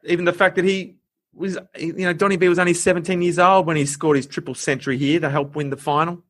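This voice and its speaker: Aussie guy rambling thru a story on a podcast, laughs a lot, slightly higher voice. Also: flat delivery, fast, fairly bright tone. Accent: Australian. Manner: chatty, laughs often, fillers. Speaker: podcast host. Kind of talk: casual storytelling chat.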